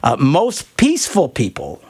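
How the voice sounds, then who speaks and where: A man's voice: a little high, wildly swooping pitch, a little slow, darkish tone, breathy edge, dry recording. A middle-aged man hosting a radio advice show, rambling and joking and laughing often. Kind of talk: call-in advice show banter.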